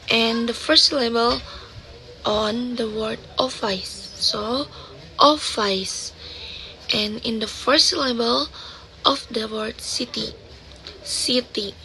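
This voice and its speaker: A young woman student with as her talks through a pronunciation exercise, her voice sitting a little high. She speaks very slowly, pausing between short phrases. A faint hiss of background noise sits under the recording. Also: bright, forceful tone, rough recording. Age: young adult. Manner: slow, careful, deliberate delivery, pausing between short phrases.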